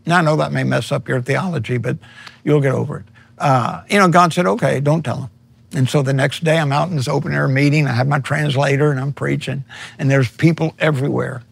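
A man's voice: mid-range voice, fairly even intonation, brisk, vocal fry, husky, dry recording. A middle-aged man, a missionary preacher, telling his story earnestly in an interview and acting out his own words. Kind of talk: personal testimony in an interview.

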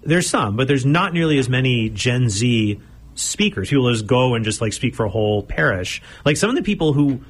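Guy guest talking earnestly about the old days, breathy husky voice. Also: medium pitch, animated, a little fast. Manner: reflective storytelling, earnest. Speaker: guest speaker. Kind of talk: casual chat.

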